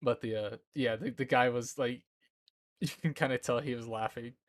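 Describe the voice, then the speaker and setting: A man's voice: medium pitch, fairly even intonation, moderate pace, no room sound. A man in his twenties chatting casually on a live stream from home, rambling and often breaking into laughter. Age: 20s. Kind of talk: casual chat. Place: indoor room at home.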